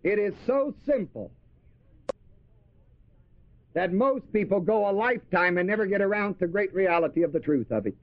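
High-voiced man preaching a sermon. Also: lively intonation, normal speed, pauses often, dry recording. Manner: asks the audience questions and answers them; repeats key words for emphasis. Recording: dry, dull lo-fi recording.

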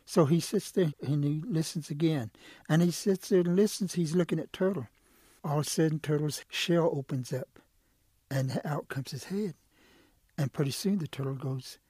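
A man telling a traditional animal folk tale in a relaxed, rhythmic way. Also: fairly high pitch, normal speed, husky, no echo, clean studio sound. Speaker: storyteller. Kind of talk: traditional oral storytelling.

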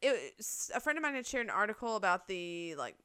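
A podcast co-host with a mid-range voice talks very animatedly and a little fast, her tone fairly bright, clear and resonant. In this casual chat she lays out her view at length, leaning on plenty of fillers and the odd swear word.

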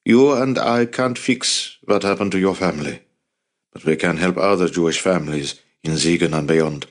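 A man reading an audiobook, voicing a calm, firm middle-aged uncle who leads a resistance cell. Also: normal speed, close to an everyday voice. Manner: calm, firm, low-key.

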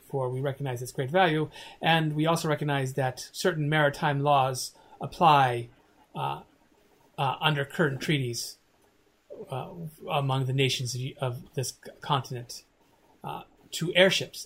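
A man voicing a poised, elegant female agent in a tabletop game, speaking in a formal, measured, diplomatic way. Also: medium pitch. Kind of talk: tabletop role-play voicing.

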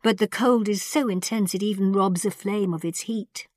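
A woman's voice: mid-range voice, moderate pace, darkish tone, no echo, clean studio sound, natural voice. A woman voicing a courteous Venetian explorer. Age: 30s. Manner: polite, formal.

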